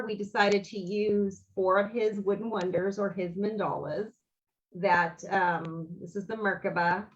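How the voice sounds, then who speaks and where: A woman's voice: medium pitch, dull audio. A woman, a guest on an interview, telling a personal story in an earnest, rambling way and acting out the dialogue. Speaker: interview guest, author and bereaved mother.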